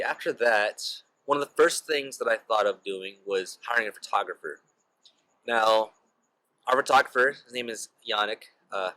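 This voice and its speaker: A man's voice: lowish voice, sharp tone, no echo, low-quality recording. A young man casually telling a personal story as a vlogger, peppering his talk with "like" and "you know.". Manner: chatty, heavy use of "like" and "you know" fillers.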